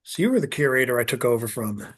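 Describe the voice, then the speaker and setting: A man, the curator of a poetry reading series, introducing the next reader in a relaxed way. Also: mid-range voice, fast, husky.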